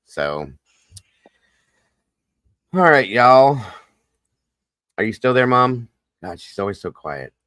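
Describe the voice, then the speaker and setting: A man's voice: medium pitch, big pitch swings, takes it slowly, long pauses, fairly bright tone, no room sound. A man with a Southern US accent hosting a casual livestream chat, folksy, repetitive and upbeat. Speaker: host.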